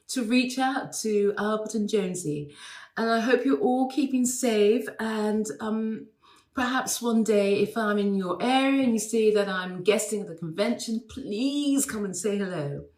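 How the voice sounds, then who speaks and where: A woman's voice: fairly high pitch, reverberant. English woman telling chatty anecdotes. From England. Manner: warm chatty storytelling with many fillers and restarts. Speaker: guest sending a recorded message. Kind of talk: casual recorded anecdote.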